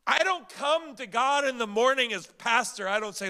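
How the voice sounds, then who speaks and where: A male pastor delivers a sermon in a high, bright and forceful voice. He preaches with emphasis, throws rhetorical questions at his listeners and often repeats a word as he drives a point home. His tone stays fervent and direct. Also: brisk, few pauses. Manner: repeats and restarts words when building a point.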